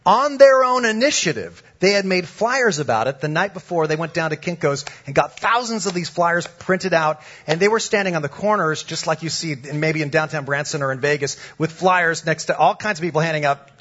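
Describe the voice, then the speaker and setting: A male pastor telling a lively, comic story during a sermon. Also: fairly high pitch, fairly quick, hardly any pauses, muffled recording.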